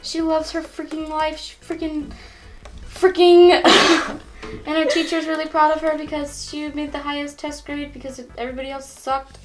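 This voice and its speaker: A woman's voice: high-pitched, completely flat delivery, moderate pace, background noise. A young woman playfully narrating an improvised story, often breaking into giggles. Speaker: co-host storyteller.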